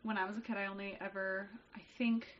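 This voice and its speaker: Lively storytelling woman, lo-fi podcast. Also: medium pitch, fast talker. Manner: animated storyteller, acts out family quotes, laughs often. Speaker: podcast co-host. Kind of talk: casual chat, reading listener stories.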